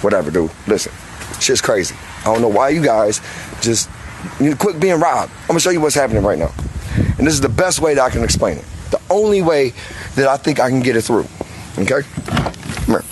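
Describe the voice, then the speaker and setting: A man's voice: mid-range voice, big pitch swings, moderate pace, long pauses, background noise. A man talking outdoors on a roof as a roofing contractor, blunt and heated, cursing freely in a casual vlog. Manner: blunt, heated, swears a lot. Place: outdoors on and near a house roof.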